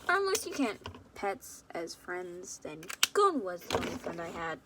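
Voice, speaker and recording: A woman's voice: fairly low pitch, big pitch swings, a little slow, very noisy. A young woman casually reading her own fan story at home, rambling and chatty, with frequent asides.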